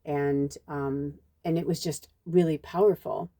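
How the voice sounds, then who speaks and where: Brief: a chatty woman psychic medium with a low voice, rambling story, many fillers. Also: measured pace. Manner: animated, rambling, heavy use of "like" and "you know"; acts out quotes with jumps in pitch. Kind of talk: casual spoken storytelling in a reading video.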